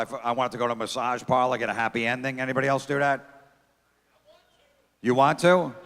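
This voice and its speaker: On a theater stage with long reverb, a middle-aged comedian trades brash, foul-mouthed stories and banter with the audience. His voice is medium in pitch and fairly bright.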